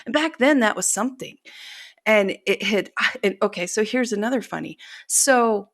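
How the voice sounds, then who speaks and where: A woman's voice: mid-range voice, moderate pace, no room sound, clean studio sound. A middle-aged woman author telling stories in a casual interview, chatty and self-deprecating, laughing often. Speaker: author guest.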